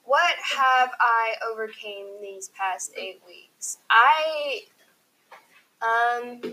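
A teenage girl with a bright, high voice, chatting in a casual group podcast. She piles up "like" and rushes through her stories in an animated way. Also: rough recording. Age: teens. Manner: animated, heavy use of "like", breathless storytelling. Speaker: podcast co-host, high school student.

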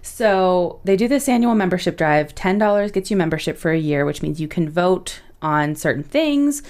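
A young woman with a low-pitched voice hosts a casual podcast. She talks in a loose, chatty way, swears freely, and often laughs through her asides. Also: animated, normal speed, a little mellow. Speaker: podcast co-host.

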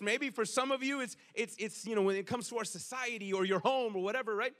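A male pastor preaching with a high, bright voice. He talks casually, tosses in slang and keeps asking the room "right?". His delivery is lively and conversational rather than formal. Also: fast talker, hardly any pauses. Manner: conversational, animated preaching with slang and rhetorical questions. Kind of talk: sermon.

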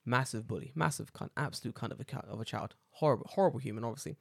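A man's voice: medium pitch, fast, vocal fry, a bit bright, breathy edge, dry recording, studio quality. A man in his thirties with a London accent, co-hosting a casual chat and telling stories with lots of swearing and acted-out quotes. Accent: London English. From United Kingdom. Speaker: podcast co-host.

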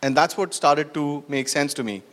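This conference speaker's voice sits on the high side, moving at a moderate pace as he tells stories. He asks the audience questions, drops in frequent "you know" and "right," and a long hall reverb trails his words.

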